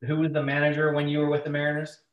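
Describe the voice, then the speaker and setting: A man's voice: on the high side, monotone, rapid-fire, lo-fi sound. A man from Washington State hosting a casual chat, easygoing, often saying "man". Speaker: interview host, coach. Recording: roomy, off-mic.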